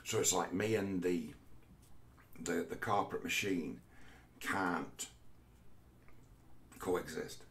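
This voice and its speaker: A man giving a rambling personal monologue, halting and repeating words, with the odd curse. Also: sits low, a bit bright. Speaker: vlogger.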